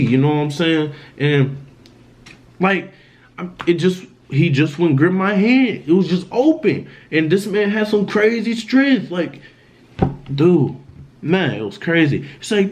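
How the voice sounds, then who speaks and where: A young man vlogging, retelling a frightening personal story in an animated, emphatic way with lots of slang. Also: fairly high pitch, unhurried. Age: young adult. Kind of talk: storytime vlog.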